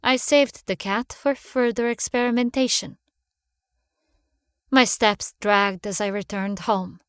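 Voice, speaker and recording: A woman reading a first-person horror story aloud in a measured, hushed manner. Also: medium pitch, fairly even intonation, clean tone, no room sound, clean studio sound. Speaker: narrator. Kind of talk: scripted horror narration.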